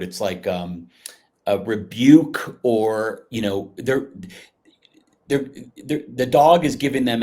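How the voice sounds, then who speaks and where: A man's voice: fairly low pitch, darkish tone. A man hosting a podcast, talking casually and rambling as he searches for words. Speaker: podcast host.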